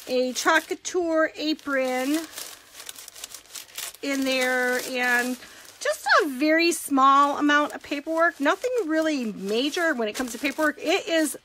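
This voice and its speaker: Against a noisy background, a woman with a high-sitting voice talks at a measured pace. She's a craft demonstrator and direct sales consultant giving a chatty live demo, walking through each step and greeting viewers as she works.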